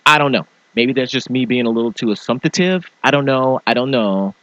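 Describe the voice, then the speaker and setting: A male host giving a lively motivational rant, now and then slipping into silly voices to mimic people. His voice sits at a middle pitch. The recording is dull and lo-fi, with no room sound. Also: a little fast, dry recording. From small-town farming family. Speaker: show host. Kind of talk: motivational talk show rant.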